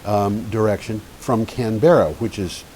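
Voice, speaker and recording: New male co-host, low mellow voice, lively storyteller, slight tape hiss. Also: unhurried. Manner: chatty, laughs often, tells stories. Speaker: co-host of an energy news show. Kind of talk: casual news discussion. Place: community TV studio. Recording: faint hiss.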